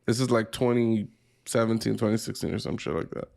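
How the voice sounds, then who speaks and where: Gravelly-voiced man ranting on a podcast. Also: lowish voice, steady tone, a little fast, a little mellow. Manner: rambling, profane, laughs a lot. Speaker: podcast co-host. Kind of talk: casual chat.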